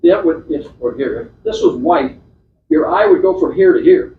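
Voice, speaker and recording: A man's voice: sits high, huge pitch swings, normal speed, creaky, a little hiss or hum. A man giving an informal slide talk at a club meeting, chatty and rambling, with many restarts and fillers. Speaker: club presenter. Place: meeting room. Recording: echoey, distant, dull club meeting recording.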